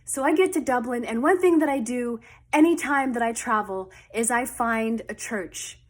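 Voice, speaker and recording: A woman vlogger telling a story in a casual, animated, dramatic way. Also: fairly high pitch, normal speed.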